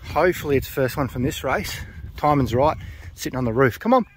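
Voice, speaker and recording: A man vlogging his pigeon race day in casual running commentary, who gets loud and excited as birds arrive. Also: mid-range voice, brisk, heavy background noise. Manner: excitable, cheers birds home loudly.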